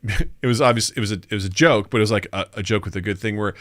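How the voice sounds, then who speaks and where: A man's voice: on the low side, fast talker. A man co-hosting a podcast, telling stories casually and acting out the people in them. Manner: animated storytelling, acts out quoted voices. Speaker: podcast co-host. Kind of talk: casual chat.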